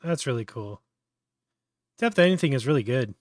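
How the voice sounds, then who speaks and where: A man's voice: medium pitch, expressive, moderate pace, no room sound, studio quality. Casual man talking through a tutorial. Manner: thinks aloud, many fillers and restarts. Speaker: host.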